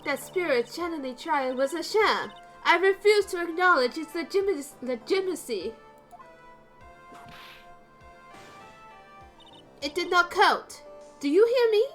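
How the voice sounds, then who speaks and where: A woman voicing an arrogant young female prosecutor who talks in a shrill, commanding, scornful way. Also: expressive, unhurried, few pauses, fairly bright tone, faint music behind, exaggerated voice. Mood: haughty.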